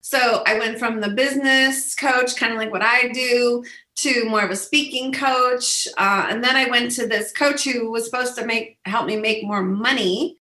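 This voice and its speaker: A woman guest speaking in a casual interview, animated and acting out quoted lines in a high voice. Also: normal speed, few pauses, echoey room. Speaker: guest, business coach.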